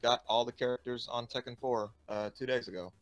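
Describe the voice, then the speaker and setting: A man talking in slangy, animated chat with a fellow streamer about games and friends. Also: mid-range voice, brisk. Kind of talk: casual gaming stream chat.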